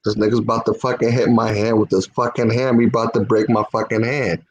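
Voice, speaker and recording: A man's voice: fairly low pitch, level tone, fast, muffled recording, slight background noise. A man telling a long story in casual chat, full of swearing and stopping often on "whatever". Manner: profane, peppers speech with "whatever". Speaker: podcast co-host.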